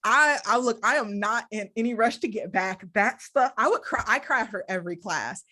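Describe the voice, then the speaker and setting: A woman's voice: on the high side, normal speed, pushed and bright, slight background noise. A woman hosting a podcast interview, chatting casually with a candid, self-deprecating humor and frequent laughter. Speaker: podcast host.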